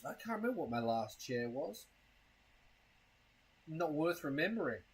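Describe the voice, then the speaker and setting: A man's voice: a little high, big pitch swings, moderate pace, husky, low-quality recording. A man chatting casually on a live stream, rambling and crude, with a self-mocking tone and a case of hiccups. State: has hiccups.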